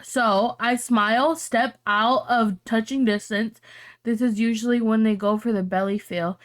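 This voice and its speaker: A woman's voice: on the high side, a little slow. Brash, foul-mouthed woman podcaster. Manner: brash, profane, animated reactions. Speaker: podcast co-host. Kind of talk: reading and reacting to online posts.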